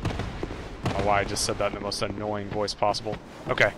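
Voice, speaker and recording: Profane, excitable man playing a game. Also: lowish voice, fairly quick, heavy background noise. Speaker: let's play gamer. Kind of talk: casual gameplay commentary. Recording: loud game sounds behind the voice.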